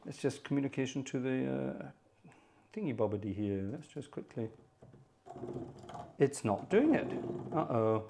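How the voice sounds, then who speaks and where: A man's voice: medium pitch, animated, unhurried, creaky, long pauses, background noise. A man hosting an organ music livestream, chatting casually and narrating his own troubleshooting with exasperated muttered asides. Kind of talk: casual live-stream chat.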